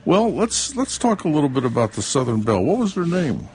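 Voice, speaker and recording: A man's voice: fairly high pitch, sing-song, a little fast, darkish tone, a little hiss or hum. A male radio host introducing the guest's topic and speaking straight to listeners. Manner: addresses listeners directly. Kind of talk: radio interview.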